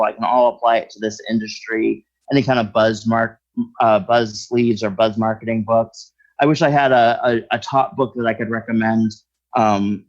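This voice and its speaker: A man's voice: lowish voice, highs cut off. A man talking as a guest in a casual interview, explaining his work in a thinking-aloud way. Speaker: skip tracer guest.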